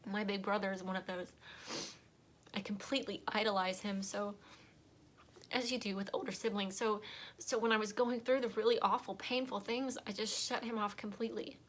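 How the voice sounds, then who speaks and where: A woman's voice: medium pitch, steady tone, moderate pace, a bit bright, a little hiss or hum. A woman giving a heartfelt, rambling personal monologue while crying. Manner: earnest, rambling, emotional. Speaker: vlogger and podcast host.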